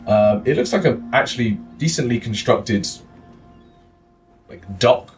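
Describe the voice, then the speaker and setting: A man's voice: mid-range voice, expressive, a little slow, soft background music. A man with a Welsh accent, narrating a tabletop game as dungeon master in a loose style full of fillers. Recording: distant mic with faint noise.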